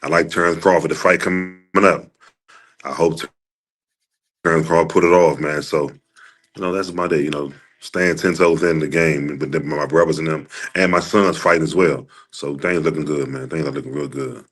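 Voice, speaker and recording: A man's voice: very deep voice, fairly even intonation, moderate pace, fairly bright tone. A man who is a former boxer, answering interview questions in an easygoing, laid-back way. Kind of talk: casual interview.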